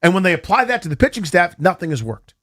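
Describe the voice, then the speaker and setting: A man hosting a sports talk radio show, talking fast and animated and taking calls. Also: high voice. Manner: animated, rapid, takes calls. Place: radio studio.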